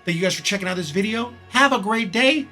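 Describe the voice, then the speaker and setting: A man's voice: sits high, animated, fast talker, sharp tone, soft background music. A man hosting his own channel, giving a frank, rambling movie review and repeating words as he thinks aloud. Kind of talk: casual spoken movie review.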